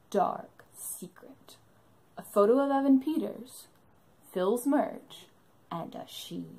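A woman's voice: medium pitch, a little mellow, poor audio. A young woman narrating an enthusiastic fan vlog about a live show she went to, in a bubbly storytelling manner.

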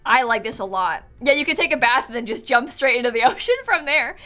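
A bubbly woman streamer chats her way through viewers' builds, her voice a little high and very bright. She sounds sleepy, yawning between lines, with faint music playing under her. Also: expressive, quick pace. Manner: bubbly, chatty, many "like"s. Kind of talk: casual live-stream chat.

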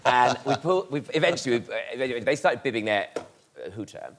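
A man's voice: mid-range voice, moderate pace. A man telling comic stories as a guest on a chat show, camp and theatrical. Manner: camp, theatrical, animated storytelling with put-on voices. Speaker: comedian guest. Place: TV studio with live audience. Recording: loud audience laughter and noise.

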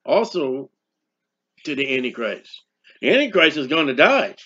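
A man preaching a sermon, reading scripture slowly with emphasis and then explaining in casual asides. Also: medium pitch, very animated, pushed and bright, husky. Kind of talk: sermon, Bible teaching. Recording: dull lo-fi recording.

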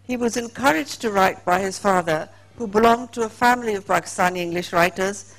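A woman's voice: mid-range voice, fairly quick, low-quality recording. A woman moderating at a literary festival, reading a prepared biography to introduce the guest. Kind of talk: formal introduction. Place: festival stage.

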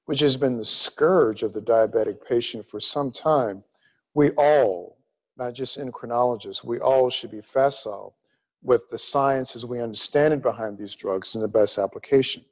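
A middle-aged man from Louisiana giving a grand rounds medical lecture, emphatic and deliberate in his pacing. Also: medium pitch, rough recording. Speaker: cardiology lecturer.

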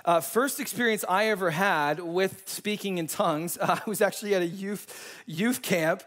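A man preaching a sermon and telling personal testimonies in a casual, slangy, animated way. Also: sits high, normal speed. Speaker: pastor.

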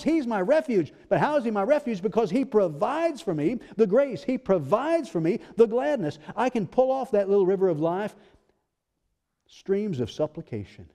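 A man's voice: high-pitched, very animated, normal speed, dark tone. A male pastor delivering a sermon, building emphasis with rhetorical questions and quoted scripture. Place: church sanctuary. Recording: long church-hall reverb.

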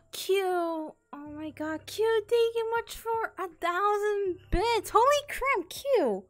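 A woman live-streaming in casual chat, bubbly and excitable, easily startled into loud yelps and laughs, playfully repeating catchphrases. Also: very high-pitched, slow pace, soft background music.

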